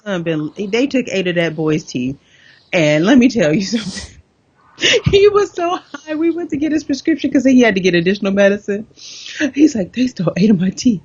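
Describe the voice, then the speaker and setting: Animated woman chatting, dull dry sound. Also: medium pitch, normal speed, breathy edge. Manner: animated, laughing storyteller. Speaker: podcast co-host. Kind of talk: casual chat.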